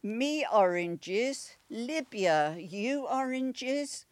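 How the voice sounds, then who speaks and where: A kindly elderly foreign lady, as an old Welsh woman puts her on, speaking in slow, halting scraps of broken English. Each word is drawn out and set apart, in a close, dry sound with no room around it. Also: on the high side, lively intonation, no room sound, voice pushed up. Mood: curious. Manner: slow, halting, few words at a time.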